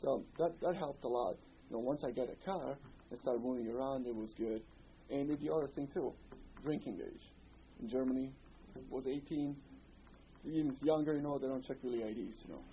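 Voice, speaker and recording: A man with a Bosnian accent reminisces in a relaxed, rambling way, peppering his story with "you know." His voice sits in a middle pitch. The recording is a little dull, with a faint hiss underneath. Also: normal speed. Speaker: interviewee. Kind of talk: oral history interview.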